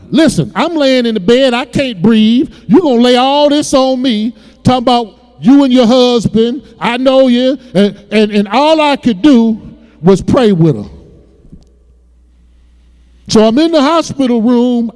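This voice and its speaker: A man with a very high voice preaches, telling his own story with emotion. He repeats words as he builds. His voice rings with a long reverb in a church sanctuary. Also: a little mellow. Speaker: pastor. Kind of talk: sermon testimony.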